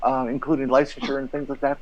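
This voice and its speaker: Man, mid-pitch, lecturing tone, casual panel chat. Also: little pitch movement, fast, dull audio, a loud crowd.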